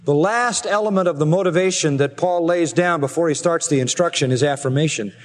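A man preaching an expository sermon earnestly, slowing down and rising in pitch to stress his points. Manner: earnest preaching, slows and rises for emphasis. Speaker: pastor. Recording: long reverb of a large hall.

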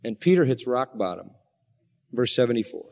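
A man's voice: medium pitch, very animated, moderate pace, creaky, darkish tone, big-room sound. A man preaching a sermon as pastor, earnest and rising to fervent emphasis.

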